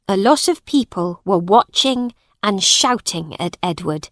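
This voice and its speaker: A woman narrating a graded-reader audiobook with a very slow, clear reading. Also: medium pitch, lively intonation, no echo, studio quality.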